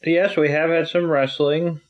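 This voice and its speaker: A man's voice: fairly high pitch, level tone, a little slow. A man co-hosting a podcast in casual chat, with a dry, sarcastic way of talking. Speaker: podcast co-host. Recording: dull lo-fi sound.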